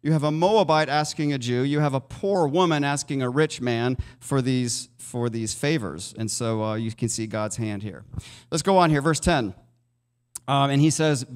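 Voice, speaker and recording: A man's voice: mid-range voice, moderate pace, in a large hall. A male pastor preaching a sermon in a conversational way, asking his listeners questions. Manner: conversational, asks the congregation questions. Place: church sanctuary.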